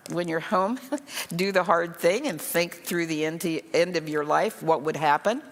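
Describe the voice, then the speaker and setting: A woman's voice: lowish voice, a little slow. An older woman pastor giving an earnest, emotional, conversational sermon to a women's group. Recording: long hall reverb.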